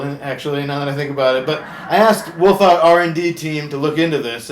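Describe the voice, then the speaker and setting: A man playing a goofy, punning male shark who hosts a comedic late-night talk show, delivering a deadpan monologue and chuckling at his own jokes. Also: a little high, natural voice. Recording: roomy echo with faint background hum.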